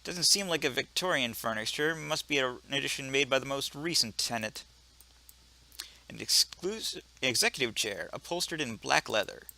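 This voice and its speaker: A man voicing a sardonic gentleman cat burglar in a put-on British accent, deadpan and wry, for a video game. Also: medium pitch, moderate pace, creaky, exaggerated voice. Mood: dry. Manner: dry, deadpan, wry asides. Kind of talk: video game voice-over reading.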